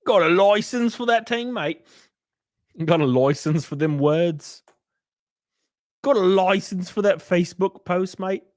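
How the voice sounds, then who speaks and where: A man's voice: sits high, unhurried, long pauses, no echo, clean studio sound, voice pushed up. A man putting on a cheeky British bloke. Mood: mocking. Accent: put-on British. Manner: exaggerated, jokey.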